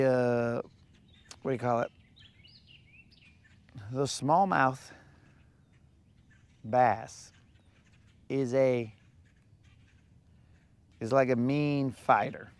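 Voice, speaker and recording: A man's voice: mid-range voice, gravelly. A man chatting casually and joking with slang while fishing from a boat on a lake. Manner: laid-back, slangy, joking. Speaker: fishing vlogger.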